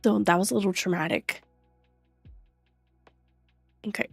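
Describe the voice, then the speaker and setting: A woman's voice: mid-range voice, fairly even intonation, unhurried, gravelly, husky, dry recording, faint music behind. A young woman chatting casually on a live stream, greeting viewers by name and laughing often, recorded at home on a desk microphone. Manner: chatty, reads chat names aloud, frequent laughs. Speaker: livestreamer.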